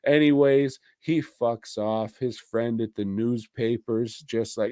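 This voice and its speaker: Slow-talking man riffing crudely on a movie. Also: medium pitch, mellow, clean tone, no room sound, studio quality. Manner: rambling, crude, laughing, mimics film characters. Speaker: podcast co-host. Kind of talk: casual movie review chat.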